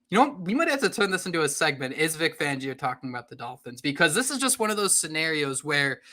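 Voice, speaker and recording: A man co-hosting sports talk radio, animated and opinionated in casual chat. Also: on the high side.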